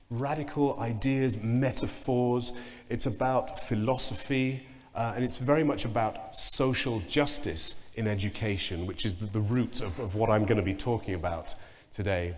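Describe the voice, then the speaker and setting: A man giving a conference keynote talk, telling anecdotes in an animated way and mimicking sounds and voices. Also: mid-range voice. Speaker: keynote speaker. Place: large conference hall. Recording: long reverb of a conference hall.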